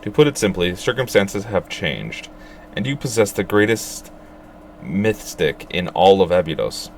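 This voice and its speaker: A man voicing a courteous, sinister mastermind in a suit who speaks slowly and formally in a low voice. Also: big pitch swings, creaky, a little hiss or hum, exaggerated voice. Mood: smooth menacing. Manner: slow, formal, courteous menace. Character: sinister suave male mastermind in a dark suit.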